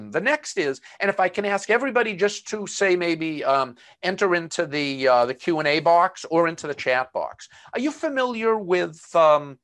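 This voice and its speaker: A man with a Boston accent leads an online lesson in a conversational way, dotting his points with ums and side remarks. His voice sits a bit higher than most men's. He speaks into a computer mic as he talks to a remote audience. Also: lively intonation, normal speed, fairly bright tone. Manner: conversational, many fillers and asides. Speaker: webinar presenter. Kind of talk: live webinar lecture.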